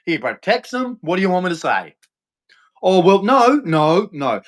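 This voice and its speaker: A man with an unusually high, bright-toned voice for a man rants angrily as a livestream host. He's heated and accusatory, hammering the same points again and again with harsh, profane language, very animated yet at a measured pace.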